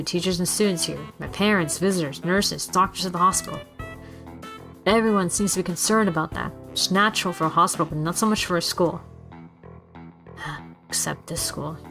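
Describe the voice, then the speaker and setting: A reluctant young male student, read by a woman speaks hesitantly and stumbles over his words. The voice sits a bit low and stays close to a plain reading tone. Faint music plays under the read-aloud. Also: natural voice. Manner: hesitant, stammering. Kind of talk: reading a visual novel aloud.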